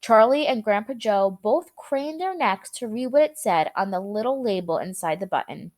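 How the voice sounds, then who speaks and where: Lively young woman teacher reading aloud. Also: mid-range voice, normal speed. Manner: explains vocabulary in a casual, chatty way. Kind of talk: reading a chapter aloud to students.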